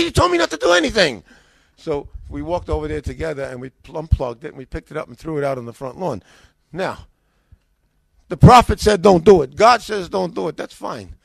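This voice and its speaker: This former pastor, an older man with an American accent, has a fairly high, creaky voice captured in a dry recording. He relates his story in a relaxed, animated way, his voice climbing as he performs the dialogue.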